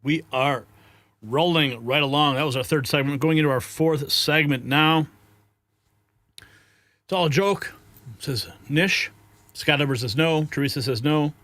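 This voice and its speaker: A man's voice: a little high, unhurried, long pauses, a bit bright, dry recording. Punchy dramatic male news host. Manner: punchy, dramatic delivery in short sentences. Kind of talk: scripted news commentary and live chat reading.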